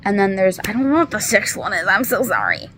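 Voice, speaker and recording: A woman's voice: mid-range voice, huge pitch swings, brisk, fairly bright tone, a little hiss or hum. A woman in her twenties casually recapping a book in a chatty, rambling, apologetic way, with many fillers, holding back tears. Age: 20s. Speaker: book reviewer.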